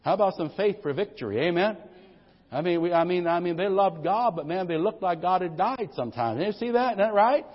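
In a church sanctuary, a middle-aged pastor preaches briskly in an animated voice that sits high. His sermon is homespun and comic, full of stories and repeated exclamations of "amen." The recording is lo-fi and dull, with lengthy reverb.

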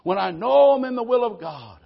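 A man preaching in a high voice, working the congregation for amens. He rises to loud, stirring declarations, then drops to quiet, low asides. The recording is dull and lo-fi, like an old church tape. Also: expressive, brisk, vocal fry, breathy edge. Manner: preaching with call-and-response amens, voices people's worries. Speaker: pastor. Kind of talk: sermon.

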